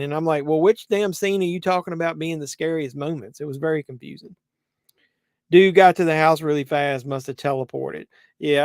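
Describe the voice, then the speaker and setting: Brief: male streamer, slightly high voice, casual rambling commentary, dry close sound. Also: clear, resonant tone, dry recording. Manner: rambling, conversational, many fillers and restarts. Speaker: host. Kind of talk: casual live watch-along commentary.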